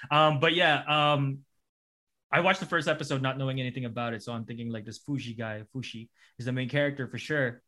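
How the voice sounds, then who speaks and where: A man's voice: mid-range voice, sharp tone. A man in casual chat who acts out scenes with quoted voices and laughs often.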